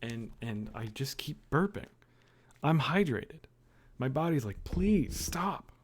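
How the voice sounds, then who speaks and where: A man's voice: medium pitch, lively intonation, measured pace. A man livestreaming from his bedroom, chatting loosely with viewers, rambling, joking and swearing. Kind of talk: casual chat with viewers. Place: own dimly lit bedroom.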